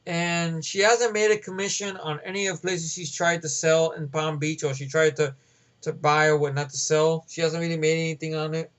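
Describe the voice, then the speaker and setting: A man's voice: a little high, level tone, moderate pace, fairly bright tone. A man ranting casually about a movie, rambling and swearing with many fillers. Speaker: movie reviewer.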